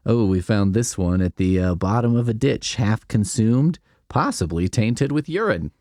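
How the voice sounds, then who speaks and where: A man's voice: on the low side, lively intonation, normal speed, a little mellow, no room sound, studio quality, natural voice. A man voicing a snooty, upscale male server in a mock-posh, sneering voice.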